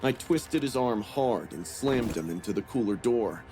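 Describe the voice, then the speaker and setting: A man giving a scripted first-person horror narration in a steady, grim storytelling manner. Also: medium pitch, measured pace, soft background music.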